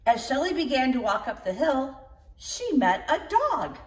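A woman reading a picture book aloud to children as storyteller, gentle and expressive. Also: medium pitch, measured pace. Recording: roomy, from far off.

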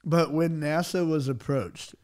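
A man's voice: fairly high pitch, steady tone, measured pace, darkish tone. A man co-hosting a casual podcast, reacting with enthusiasm and easy laughter. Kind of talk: casual chat.

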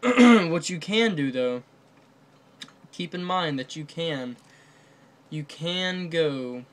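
A man's voice: fairly high pitch, lively intonation, takes it slowly. A man casually commenting on a card game ban list, rambling with many fillers and restarts. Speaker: card game video host.

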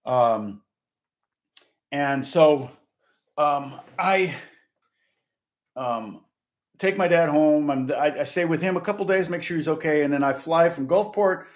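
A man's voice: fairly high pitch, slow, pauses often. Rambling man telling a story. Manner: rambling, stops to correct himself. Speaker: guitar teacher. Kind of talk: casual storytelling.

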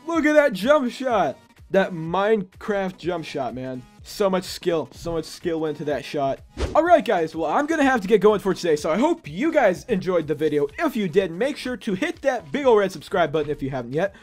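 A young man giving gameplay commentary as a YouTuber, excitable and prone to panicked yelps and screams before dropping back to quiet muttering. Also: high-pitched, normal speed, soft background music. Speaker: gaming YouTuber.

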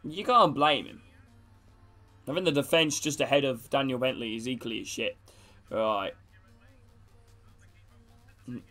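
A man's voice: mid-range voice, measured pace, pauses often, pushed and bright, soft background music. A young man streaming a football video game, greeting his chat and geeing up his teammates, with casual swearing. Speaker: gaming streamer. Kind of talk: live gameplay chat with viewers.

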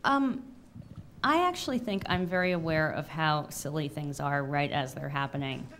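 A woman in her thirties, an author reading a confessional memoir aloud in a wry manner, then answering questions with halting fillers. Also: deep voice, very animated, fairly bright tone, slight background noise. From United States. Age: 30s.

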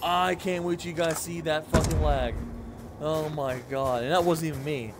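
A man's voice: a little high, fairly even intonation, normal speed, over loud music. A tired young man hosting casual gameplay commentary, profane and cranky, swearing constantly. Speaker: gaming channel host.

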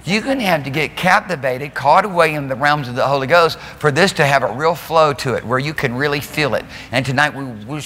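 A man preaching a lively evening sermon as pastor, laughing and acting out the people in his story. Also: a little high, a little fast, few pauses. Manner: animated preaching, laughing, mimicking voices. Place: church sanctuary. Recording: long hall reverb.

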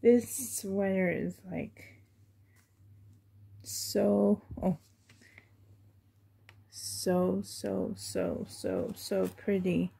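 A woman's voice: medium pitch, expressive, drawn-out words, gravelly, long pauses, dark tone, breathy edge. A woman vlogging as she unboxes a reborn doll, gushing fondly and often dropping to half-whispered asides. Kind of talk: unboxing vlog chat.

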